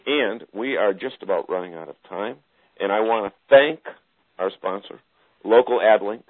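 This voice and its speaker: A man's voice: lowish voice, expressive, normal speed, no room sound, phone-quality sound. Joking man hosting a radio show. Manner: jokey, puts on an announcer voice for plugs. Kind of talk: casual radio interview.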